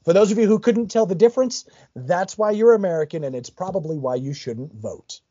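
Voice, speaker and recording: A man co-hosting a podcast in casual chat, animated and joking. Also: high voice, a little fast, dry recording, dull audio. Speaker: podcast co-host.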